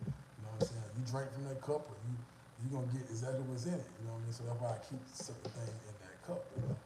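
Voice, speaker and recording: A man rambles through a casual live-stream monologue, repeating himself and swearing freely between fillers. His voice sits at an ordinary middle pitch. He is captured on a phone in a restaurant, with a noticeable echo and steady background noise. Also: very fast. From United States. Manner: rambling and repetitive, profane, heavy on fillers. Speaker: vlogger going live.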